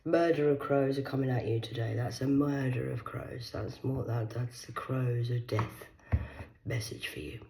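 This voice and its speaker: A woman from Cornwall, talking alone to camera in a rambling, profane monologue that veers between hushed whispers and loud outbursts. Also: very deep voice, normal speed, heavy background noise. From Cornwall, England.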